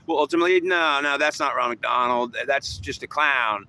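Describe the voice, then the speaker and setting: A man's voice: mid-range voice, a little fast, few pauses, bright, forceful tone, a little hiss or hum, rough recording. A man talking in a rambling, repetitive monologue, often restarting his sentences.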